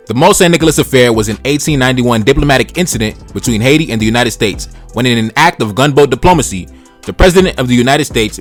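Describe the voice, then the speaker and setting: Fast-talking man with blunt slangy commentary. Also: medium pitch, a bit bright, no room sound. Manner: blunt, profane, slangy asides between read passages. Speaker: history channel host. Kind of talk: casual history commentary, reading passages aloud.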